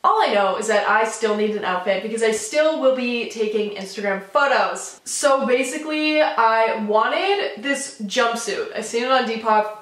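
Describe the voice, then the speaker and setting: A woman's voice: fairly high pitch, a bit bright. A young woman vlogging from her room at home, chatting casually and swearing now and then, recorded on the camera's own mic. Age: young adult. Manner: casual, swearing, lots of "like" and "literally". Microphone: camera mic, no external mic. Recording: roomy, distant camera audio.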